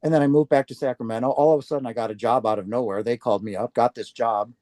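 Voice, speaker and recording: An older man from Wisconsin speaks as an interview guest, recounting his own story in an earnest, heartfelt way. His voice is warm and mellow, and it comes across close and dry with little room sound. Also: medium pitch, fairly even intonation, fast talker, no echo. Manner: earnest, heartfelt, acts out quoted speech.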